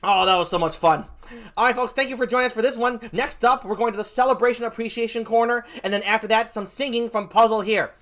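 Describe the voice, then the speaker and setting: A man hosting a live stream game show, theatrical and excitable, calling out vote counts like an auctioneer. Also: very high-pitched, quick pace. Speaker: stream host.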